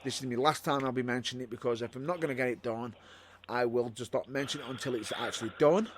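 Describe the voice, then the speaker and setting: Male podcast co-host, mid-pitched, rambling, chatty sign-off reads. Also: quick pace. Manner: rambling, repeats himself and restarts. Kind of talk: casual podcast chat.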